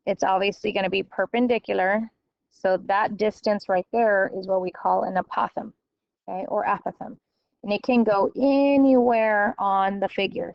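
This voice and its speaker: A woman's voice: medium pitch, gravelly, smooth, dry recording, lo-fi sound. Woman teacher checking in with "okay?". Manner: explains step by step with frequent "okay?" checks. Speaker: math teacher. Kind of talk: recorded classroom lecture.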